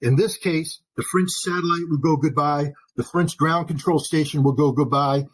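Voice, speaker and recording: An American man giving emphatic, forceful commentary as a guest analyst in an interview. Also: fairly high pitch, normal speed, rough recording. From United States.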